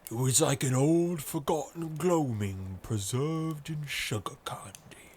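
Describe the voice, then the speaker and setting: A man voicing a scrawny bearded sailor with a husky, ghostly voice. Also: fairly high pitch, slow, darkish tone, a little hiss or hum, pitched above the performer's own voice. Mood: wistful.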